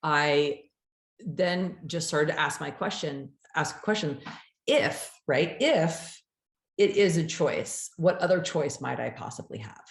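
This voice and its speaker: A woman's voice: low-pitched, lively intonation, takes it slowly, creaky. A woman coach hosting a casual conversation, reflecting aloud and explaining with rhetorical questions. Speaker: coach and host. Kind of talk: casual chat. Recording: echoey room.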